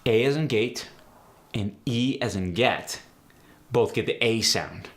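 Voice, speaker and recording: A man hosting a tutorial as an accent coach, explaining sounds in a brisk, direct way. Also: mid-range voice, fairly bright tone. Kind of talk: instructional tutorial.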